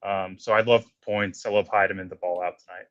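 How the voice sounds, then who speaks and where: A man's voice: deep voice, fairly even intonation, fairly quick, fairly bright tone, muffled recording. A man on a betting panel, confident, with fillers, talking lines and odds. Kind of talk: casual betting show chat.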